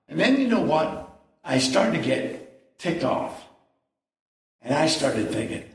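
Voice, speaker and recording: Older male preacher, lively and slow. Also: on the high side. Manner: folksy storytelling, acts out both sides of a dialogue. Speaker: guest preacher. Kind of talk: sermon. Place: church. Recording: echoey church hall, mic at a distance.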